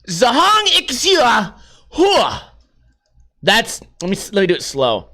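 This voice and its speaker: A man's voice: a little high, sharp tone. A man hosting a podcast, riffing casually on news stories, swearing freely and laughing often. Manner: profane and joking, laughs often. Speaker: podcast host.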